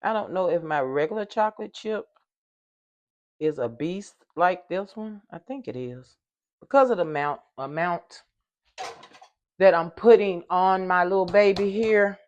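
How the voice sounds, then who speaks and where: An older woman chatting casually to viewers while baking in her home kitchen. She hums along as she works and sometimes gets loud in the microphone. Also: lowish voice, lo-fi sound. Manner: loud at times, apologizes for yelling into the mic. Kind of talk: casual cooking vlog.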